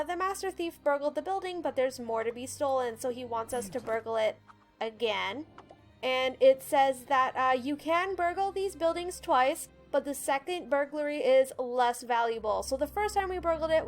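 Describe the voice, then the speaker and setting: A woman's voice: sits high, normal speed, soft background music. A woman hosting a let's play, chatting casually as she explains the controls and reads the tutorial text aloud. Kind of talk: casual gameplay commentary.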